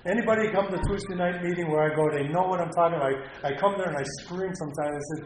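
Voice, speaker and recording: A man's voice: high-pitched, very fast, few pauses, slight background noise. A middle-aged man giving a heartfelt, rambling personal share at a recovery meeting, often repeating himself. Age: middle-aged or older. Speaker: speaker sharing at a recovery meeting. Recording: echoey meeting room with faint ambience.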